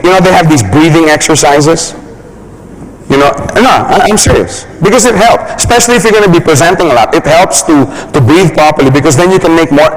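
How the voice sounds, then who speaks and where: A man gives a motivational business talk in a lively, rising and falling voice, laughing often and mimicking people in funny voices. His tone sits a little higher than most men's. A faint hum of noise stays underneath. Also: poor audio. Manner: animated, laughing, acts out examples in funny voices. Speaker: business trainer.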